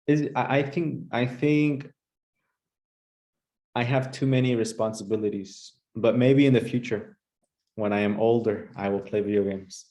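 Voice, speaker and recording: A man playing an English teacher, calling on students and giving brisk, upbeat praise. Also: mid-range voice, steady tone, mellow, muffled recording. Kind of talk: playful classroom sketch.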